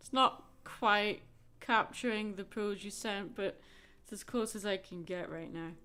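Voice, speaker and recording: A Scottish woman chatting frankly with soft laughs while drawing on a livestream. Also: medium pitch, clean tone. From Scotland. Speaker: livestreaming artist.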